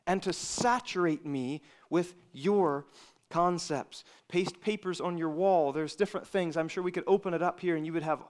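A man preaching a sermon to young people in a fairly high voice. He is earnest, pushing some phrases out hard and dropping others to a near hush. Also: normal speed. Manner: earnest, swinging between loud emphasis and quiet asides.

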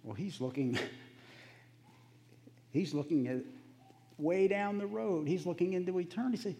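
A man giving a sermon in a relaxed, conversational storytelling manner. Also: high voice, unhurried, pauses often, long reverb tail. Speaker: preacher.

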